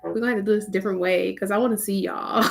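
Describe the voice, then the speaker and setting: A woman's voice: mid-range voice, gravelly. A woman hosting a live stream, greeting her viewers by name in a casual, chatty way. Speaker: livestream host.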